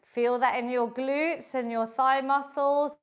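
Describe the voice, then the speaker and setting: High-voiced woman leading a slow, encouraging workout. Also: fairly even intonation. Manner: encouraging, chatty coaching with counting. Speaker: fitness instructor. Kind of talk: live online exercise class.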